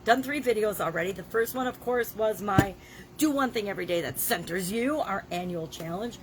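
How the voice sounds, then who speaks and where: A woman's voice: medium pitch, lively intonation, fairly quick. A woman in her sixties, talking casually in a daily video diary while she has a cold and a scratchy throat, chatty and emphatic with the odd cough. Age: 60s. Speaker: vlogger.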